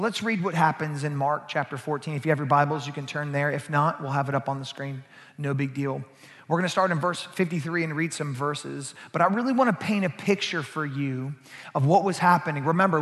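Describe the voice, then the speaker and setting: A male pastor preaching a sermon, moving from quiet asides to loud, emphatic passages. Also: on the high side, big-room sound.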